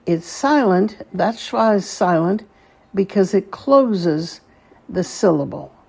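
A woman teaching a language lesson, patient and deliberate, repeating each word slowly for learners. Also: mid-range voice, lively intonation, vocal fry, a little mellow, slightly rough. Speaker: Hebrew teacher. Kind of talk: slow spoken lesson.

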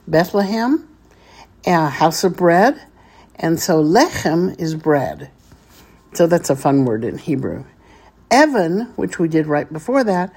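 A low, mellow-voiced woman leads a slow, patient vocabulary lesson. She spells out each word piece by piece and repeats it for the listener to say back. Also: breathy edge. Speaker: Hebrew teacher.

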